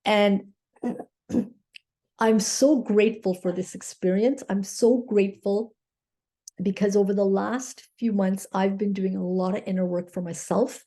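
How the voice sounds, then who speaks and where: Woman life coach telling a story, mellow warm voice, keeps saying okay?, sincere and thankful. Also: medium pitch, steady tone, measured pace. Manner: earnest, grateful, inspirational. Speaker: mindset coach. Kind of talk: personal storytelling to camera.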